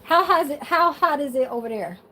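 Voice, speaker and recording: A woman's voice: high-pitched, animated, fairly quick, pushed and bright, low-quality recording. A woman vlogger chatting casually to her viewers from her bedroom, sassy and blunt, swearing freely and laughing often.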